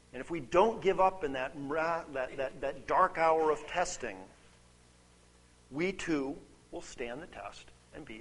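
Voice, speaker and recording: A man preaching a sermon, conversational and animated, often checking in with "right?" and reading scripture aloud. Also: a little high. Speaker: pastor.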